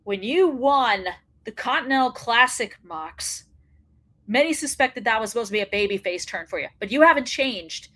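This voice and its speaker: A woman's voice: fairly high pitch, expressive, normal speed, a bit bright. A woman hosting a wrestling commentary show, ranting bluntly and profanely, fired up.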